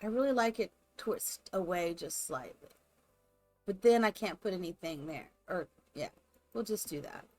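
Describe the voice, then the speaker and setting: A woman's voice: lowish voice, animated, normal speed, darkish tone, faint music behind. A woman live streamer chatting casually and rambling to her viewers while she builds in a game. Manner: chatty, rambling, talks to chat.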